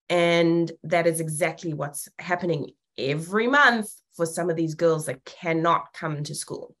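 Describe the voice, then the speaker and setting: Blunt, low-voiced woman co-host. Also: steady tone, moderate pace. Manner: blunt, swears freely, laughs often. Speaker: podcast co-host. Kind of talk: casual chat.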